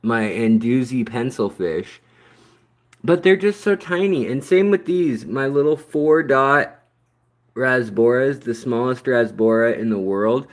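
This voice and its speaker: A man's voice: medium pitch, expressive. A man hosting an aquarium channel, rambling through a casual livestream chat as he walks among his fish tanks. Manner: rambling, chatty, slow-paced storytelling. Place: outdoors near his fish tanks at sunset.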